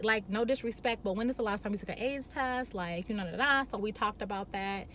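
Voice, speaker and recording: Bright, brash woman vlogger. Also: on the high side, moderate pace, long pauses, a little hiss or hum. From Chicago. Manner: blunt, profane, animated. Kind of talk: candid storytelling to camera.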